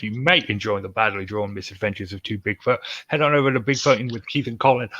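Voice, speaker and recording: A man's voice: fairly low pitch, pushed and bright, lo-fi sound, slight background noise. Joking man hosting a podcast. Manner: joking, sarcastic asides. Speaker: podcast host. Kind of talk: casual podcast chat and news reading.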